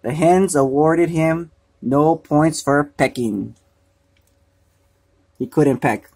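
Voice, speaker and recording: A man gently reading a children's storybook aloud, unhurried. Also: on the high side, breathy edge.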